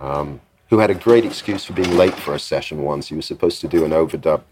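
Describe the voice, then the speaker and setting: A man's voice: very deep voice, fast, noisy background. An older man, a sound engineer telling studio anecdotes as an interview guest, acting out the people in his stories. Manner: lively raconteur who acts out quoted voices. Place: podcast interview.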